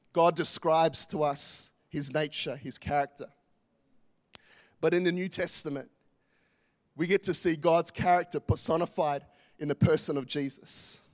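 A male pastor, preaching a passionate, emphatic sermon full of repetition. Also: on the high side.

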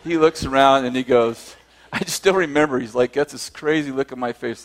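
A man's voice: mid-range voice, a little fast. A man telling a personal story to a group, acting out both sides of the conversations and often laughing as he speaks.

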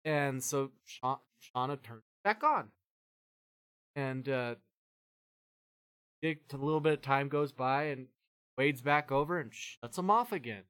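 A man hosting a podcast who tells a long story in a rambling, animated way, swearing freely and acting out the voices of the people in it. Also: medium pitch, unhurried, pauses often, clear, resonant tone. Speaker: podcast host. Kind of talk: casual storytelling chat.

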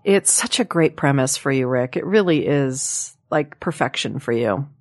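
A woman's voice: rumbling low, lively intonation, moderate pace, darkish tone, no room sound, studio quality. A woman hosting a casual talk show, chatting loosely and plugging shows with a playful swear now and then. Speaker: podcast host. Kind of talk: casual chat. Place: studio room with guests.

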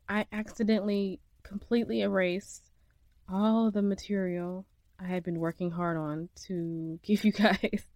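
A woman's voice: medium pitch, a little mellow, no echo. A young woman hosting a podcast from a makeshift home studio, venting emotionally and laughing through her frustration in a casual monologue. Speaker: podcast host.

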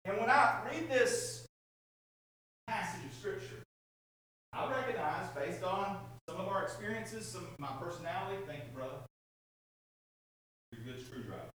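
A man, a pastor, delivering a sermon, moving between relaxed storytelling and impassioned, repetitive emphasis. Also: high-pitched, normal speed, long pauses, very echoey, recorded from a distance, a little hiss or hum. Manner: conversational storytelling with fillers.

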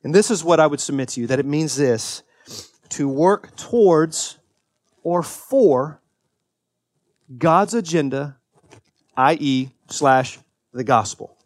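A man in his thirties preaching a sermon as a pastor. He is earnest, swings from emphatic peaks to quiet confession, and often restarts and repeats his words. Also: fairly high pitch, expressive, slow pace, pauses often, dry recording, studio quality.

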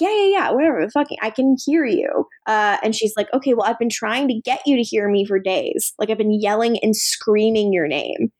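A young woman co-hosting a casual podcast, recapping a TV episode, laughing often and acting out the characters' lines with casual swearing. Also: mid-range voice.

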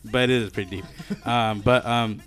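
A man's voice: medium pitch, fairly even intonation, a little slow, a bit bright, faint music behind. A young man telling a rambling, profane story in casual podcast chat, full of fillers and restarts. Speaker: podcast co-host.

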